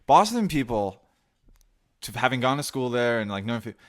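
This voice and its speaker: A man hosts a laid-back podcast in a medium voice. He tells long, animated stories and often stops and restarts mid-sentence. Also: medium pitch, a little fast. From New Jersey. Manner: rambling, animated storytelling with many restarts. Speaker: podcast host. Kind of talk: casual chat.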